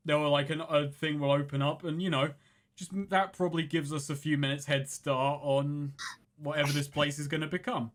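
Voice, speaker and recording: Man, tabletop game player, fairly high voice, rambling, self-correcting, casual table talk. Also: little pitch movement, fairly quick.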